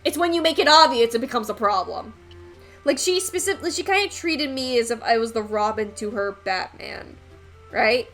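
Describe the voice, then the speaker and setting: A woman's voice: on the high side, lively intonation, normal speed, fairly bright tone, faint music behind. A young woman streaming while she paints, chatting in a rambling way with lots of fillers and the odd swear word. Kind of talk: casual chat while painting on a live stream.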